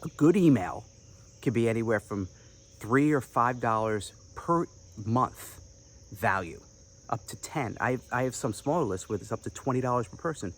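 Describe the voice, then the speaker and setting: Man, business coach, energetic, chatty, salesy, mid-range pitch. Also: moderate pace. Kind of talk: direct-to-camera advice talk.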